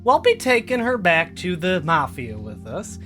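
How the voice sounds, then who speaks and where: A man narrating as game master of a tabletop game, his voice swooping high and low as he laughs through the scene. His tone is bright and forward, with light music playing under him. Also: measured pace. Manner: giggly, animated, voices characters.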